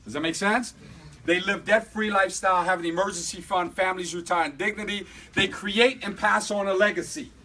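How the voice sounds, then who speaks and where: A man giving a motivational sales training talk to a live room, energetic, checking in with his listeners over and over. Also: high voice, fairly quick, rough recording. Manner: energetic, repeatedly asks "right?". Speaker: business trainer.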